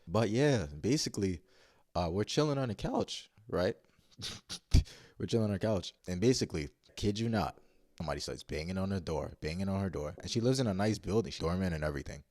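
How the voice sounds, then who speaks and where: A man's voice: deep voice, animated, brisk, a little mellow, no room sound, studio quality. A man casually telling a story-time tale in blunt, profane slang, rambling and restarting as he goes. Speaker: vlogger.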